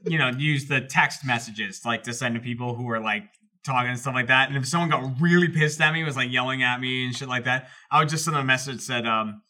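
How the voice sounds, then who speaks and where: A man in a casual podcast chat, telling relaxed gaming anecdotes and chuckling as he talks. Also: medium pitch, fast. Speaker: podcast regular.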